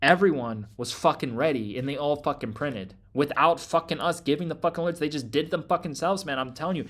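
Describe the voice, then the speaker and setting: A man in a hyped promotional rant, loud and emphatic, with a somewhat high voice. He swears nearly every line and keeps tacking "man" onto his sentences as he hosts his trading group. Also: a little fast.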